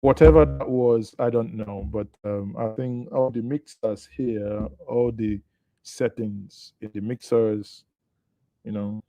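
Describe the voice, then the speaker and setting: A man's voice: lowish voice, fairly even intonation, slow, dark tone, no echo. A Nigerian man hosting a live online news show, chatting with viewers and commenting on the headlines. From Southeast Nigeria. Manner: chatty, greets viewers, thinks aloud. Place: studio.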